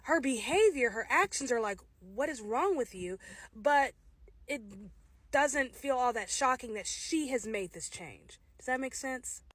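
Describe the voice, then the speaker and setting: A woman's voice: high-pitched, lively intonation, unhurried, no echo. A woman giving a casual, candid spoken review of a film, opinionated and direct, with frequent restarts.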